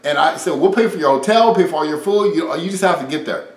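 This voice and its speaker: A man preaching an informal sermon, reading scripture and retelling conversations in a lively, conversational way. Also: a little high, fast, reverberant, rough recording.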